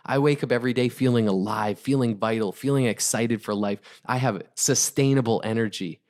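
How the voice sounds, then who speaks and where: A man's voice: medium pitch, moderate pace, few pauses. A man co-hosting a podcast, giving an emphatic, fervent motivational talk and repeating phrases for punch. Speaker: podcast co-host.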